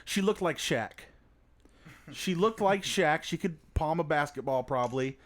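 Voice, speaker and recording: A man's voice: on the high side, expressive, measured pace. A young man hosting a podcast, telling a rambling, profane story in casual chat, often laughing as he goes. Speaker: podcast host.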